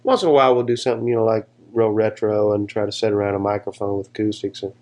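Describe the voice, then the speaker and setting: Speaking quickly in a low, steady, slightly mellow voice, a session guitarist appears as an interview guest. His casual stories ramble, and he regularly breaks off to restart his sentences.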